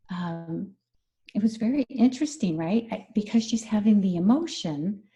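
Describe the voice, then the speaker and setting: Bright-voiced woman coaching on mindfulness. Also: mid-range voice. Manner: earnest, explanatory, repeats key phrases. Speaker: stress management coach. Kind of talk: conversational interview.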